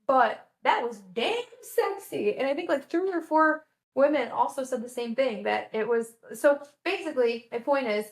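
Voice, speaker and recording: A chatty woman tells a casual story, her fairly high voice full of "like" fillers and quick acted-out quotes. The room around her is echoey. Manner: chatty, animated, lots of "like" fillers, acts out quotes. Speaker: vlogger.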